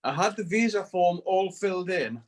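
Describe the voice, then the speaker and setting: A middle-aged man, telling stories as a band member guest in an animated, profane way. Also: sits high, moderate pace, slight background noise. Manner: animated, profane, swears freely. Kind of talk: casual storytelling.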